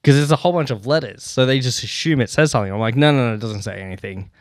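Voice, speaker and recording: A man tells stories on his own podcast, casual and profane, laughing often and getting fired up as he goes. His voice sits at an ordinary middle pitch. The sound is close and dry, with almost no room in it. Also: very fast, no echo. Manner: swears a lot, laughs between lines, animated rants. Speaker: podcast host. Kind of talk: casual solo podcast storytelling.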